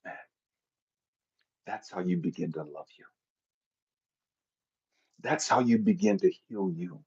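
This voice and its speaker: Male motivational speaker, raw and profane, lively pitch swings, husky, dull lo-fi sound. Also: takes it slowly. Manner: intense, profane, preacher-like cadence with big swings in loudness. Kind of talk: impassioned motivational monologue. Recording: dull lo-fi audio.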